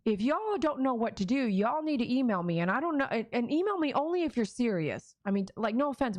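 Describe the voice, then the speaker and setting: A woman's voice: on the high side, no echo, studio quality. A woman talking frankly on a live stream, reading viewers' comments aloud and answering them in a blunt, earnest and emotional way. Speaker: dog trainer streamer.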